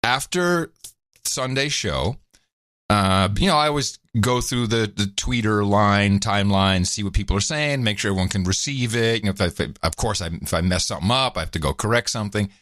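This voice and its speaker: A man's voice: fairly low pitch, brisk, no echo, clean studio sound. A man co-hosting a podcast, chatting casually and telling stories with frequent laughs. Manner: animated storyteller, laughs often. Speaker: podcast co-host. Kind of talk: casual chat.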